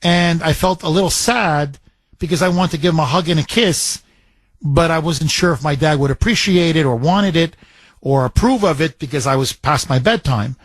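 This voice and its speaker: Middle-aged guy on talk radio, husky voice, really dry close studio sound, gets emotional and worked up. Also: a little high, normal speed, no room sound. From Canada. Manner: emotional personal storytelling, emphatic and indignant. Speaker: radio talk show host.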